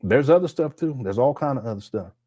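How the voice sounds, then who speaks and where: A man's voice: mid-range voice, lively intonation, brisk, mellow, breathy edge, no room sound, clean studio sound. A man hosting a critical livestream commentary, reading chat aloud and breaking into laughter, his throat sore. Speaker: commentary host.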